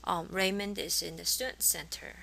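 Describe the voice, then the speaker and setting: A woman's voice: on the low side, steady tone, moderate pace, gravelly, sharp tone, rough recording. A woman teaching a college language class, explaining grammar patiently and modeling example sentences. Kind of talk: recorded classroom lecture. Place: college course recording.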